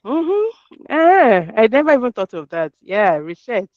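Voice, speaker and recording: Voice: mid-range voice, sing-song, no room sound. Workshop presenter, conversational and affirming, stresses key words over a muffled, dry video-call mic. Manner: reads out audience answers and affirms them with quick "yeah"s. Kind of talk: interactive workshop talk. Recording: dull, dry, lo-fi call audio.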